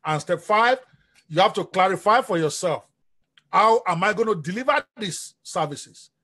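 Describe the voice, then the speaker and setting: A man giving an energetic live-stream business coaching talk, often asking his audience questions. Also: sits high, moderate pace, slightly rough.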